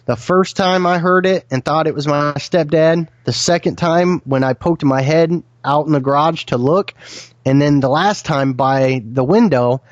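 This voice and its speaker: Man telling a story, slightly high voice. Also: measured pace, dry recording, dull audio. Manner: earnest, vivid retelling with frequent restarts. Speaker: guest recounting an encounter. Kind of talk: first-person storytelling.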